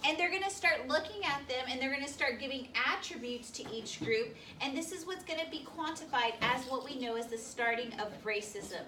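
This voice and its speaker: A high school history teacher fires rapid questions at her students in a classroom, her high-pitched voice expressive, bright and forceful. The recording is distant, with faint noise.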